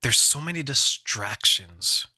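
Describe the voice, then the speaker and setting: A man hosting an interview, animated and jokey, asking his guest questions. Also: mid-range voice, takes it slowly, breathy edge, no room sound. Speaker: host. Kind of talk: interview conversation.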